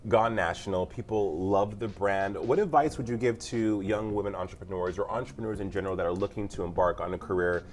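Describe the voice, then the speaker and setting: A man's voice: fairly low pitch, brisk, few pauses. A man hosting a TV talk show, upbeat and joking as he interviews a guest and plugs her products.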